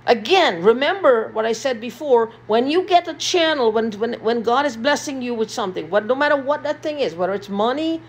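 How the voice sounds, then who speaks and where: A woman's voice: fairly high pitch, lively intonation, brisk, few pauses, husky. A woman in an agitated, repetitive vlog rant, swearing often, recorded in a small basement room. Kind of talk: ranting vlog monologue.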